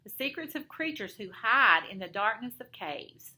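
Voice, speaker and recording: Woman playing storybook aunt: calm, reassuring, bright and lively. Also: on the high side, normal speed, slightly rough, full character voice.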